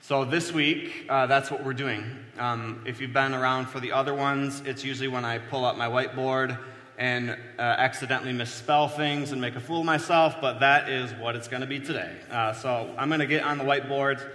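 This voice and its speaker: Teaching at a whiteboard, a pastor gives a casual sermon in a bright, forceful voice of medium pitch. He's chatty and self-deprecating, pausing often on "uh" and "um." The large church hall adds a long reverb that trails each phrase.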